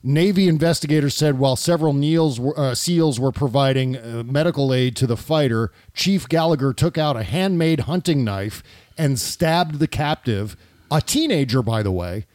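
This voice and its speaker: A man's voice: medium pitch, moderate pace, darkish tone, no room sound. Male podcast host, casual political talk, blunt and salty, plenty of "uh"s, dry close sound. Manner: blunt, profane, with frequent filler "uh".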